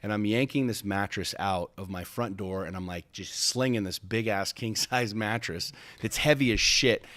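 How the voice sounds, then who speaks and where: A podcast host with a fairly low, fairly bright voice recounts a personal story at a moderate pace, barely pausing. He's intense and emphatic, swears often, and keeps restarting sentences. There is no room sound.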